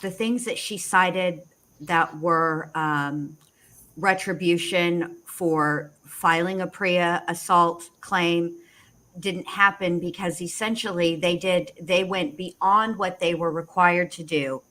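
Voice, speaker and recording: A woman co-hosting a casual livestream, talking in rushed restarts with sarcastic asides. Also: fairly low pitch, steady tone, a bit bright. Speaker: co-host.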